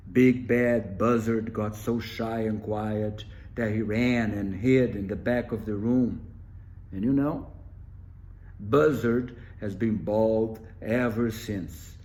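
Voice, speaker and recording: A man telling a traditional animal story for children, reading expressively with dramatic pauses. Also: on the low side, dark tone.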